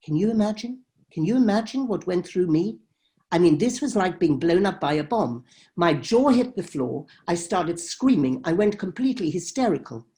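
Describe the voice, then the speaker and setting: A woman's voice: fairly low pitch, lively intonation, normal speed, mellow. A woman documentary filmmaker telling a story in an interview, emphatic and dramatic as she acts out heated exchanges.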